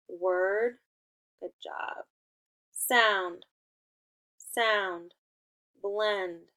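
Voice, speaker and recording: A woman's voice: mid-range voice, bright, forceful tone. A young adult woman teaching a phonics lesson to children, sounding out words and praising them. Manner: slow, encouraging, sounding out words.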